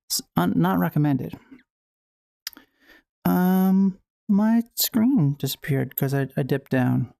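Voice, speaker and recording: A woman's voice: on the low side, takes it slowly, vocal fry, long pauses, warm tone, no echo, clean studio sound. A woman hosting a casual livestream at home while playing VR, rambling and playful with frequent restarts. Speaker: livestream host.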